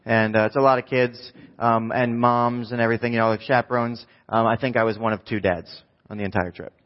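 A man's voice: medium pitch, steady tone, a little fast, highs cut off. Casual rambling preacher man. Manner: casual, rambling, self-mocking storyteller. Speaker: pastor. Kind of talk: preaching a sermon with a personal story.

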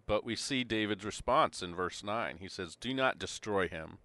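A man's voice: on the low side, animated, normal speed, sharp tone, no room sound. A man co-hosting a podcast, talking through a Bible passage in a casual, easygoing way and reading verses aloud. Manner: reads scripture aloud, easygoing and chatty. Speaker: podcast co-host. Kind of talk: casual Bible study chat.

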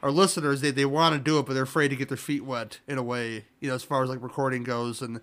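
A man's voice: medium pitch, level tone, fast, fairly bright tone. A man talking as a guest on a casual podcast, rambling and often restarting his sentences.

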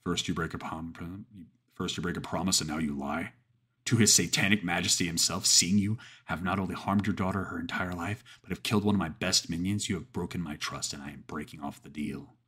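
Satan, voiced by a man, deep and booming. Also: steady tone, sharp tone, husky, heavily acted. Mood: cold judgment. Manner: slow, measured, booming pronouncements. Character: Satan, towering goat-headed male devil, cold and commanding.

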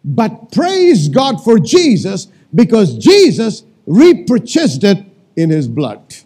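A man preaching a sermon as pastor, calling out to the congregation and repeating lines for emphasis, sometimes shouting commands. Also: high voice, wildly swooping pitch, takes it slowly, breathy edge.

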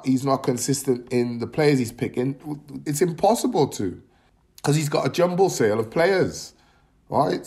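A man's voice: mid-range voice, a little mellow. A middle-aged man with an emphatic manner, talking football as a podcast pundit. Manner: emphatic, keeps adding "right?". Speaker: podcast pundit, former player. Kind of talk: casual chat.

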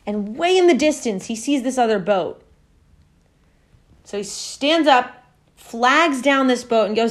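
A woman's voice: on the high side, lively intonation, measured pace, pauses often. Rambling woman telling a story. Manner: rambling, full of fillers and self-corrections. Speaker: podcast host. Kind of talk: casual storytelling. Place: at home.

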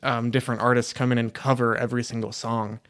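A man's voice: mid-range voice, flat delivery, quick pace, no room sound. A young man guest on a podcast, chatting casually and hesitantly with many ums on a dynamic mic in a studio. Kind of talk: casual chat.

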